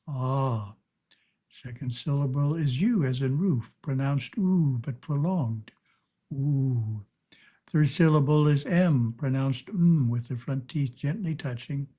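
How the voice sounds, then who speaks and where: Mellow-voiced man teaching spiritual practice. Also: mid-range voice, breathy edge. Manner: calm, measured, instructional.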